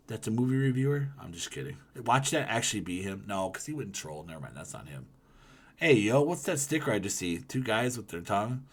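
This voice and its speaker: A man streaming live, chatting casually with his viewers and reading their comments, rambling and swearing, with loud ranting bursts. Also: lowish voice, sing-song, brisk. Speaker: livestreamer.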